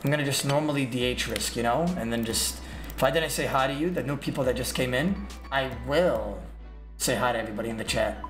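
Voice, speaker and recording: A man's voice: medium pitch, brisk, roomy sound, music in the background. A man streaming a game live, boisterous and laughing, trash-talking and greeting his chat.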